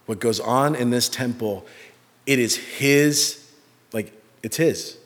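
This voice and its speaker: A man preaching a sermon, telling a personal story with an animated, self-mocking manner. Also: medium pitch, slow pace. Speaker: pastor. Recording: reverberant hall.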